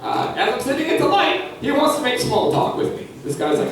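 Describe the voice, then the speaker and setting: A young man telling crude, animated stories in a stand-up set at a comedy club. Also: very high voice, a little fast, creaky, distant mic, noisy background. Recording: echoey club from afar, loud audience.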